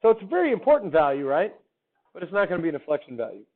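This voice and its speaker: A man's voice: on the high side, sing-song, racing. Upbeat man teaching a class, phone-quality sound. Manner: upbeat, quizzing students with questions. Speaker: math teacher. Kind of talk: classroom lecture.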